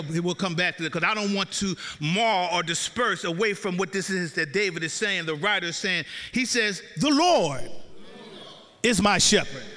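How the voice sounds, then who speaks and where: A man preaching a sermon to a congregation, half-singing his phrases and rising into shouts, drawing call-and-response. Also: sits high. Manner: chanting, sing-song delivery rising into shouts. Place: church sanctuary. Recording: long reverb of a large hall.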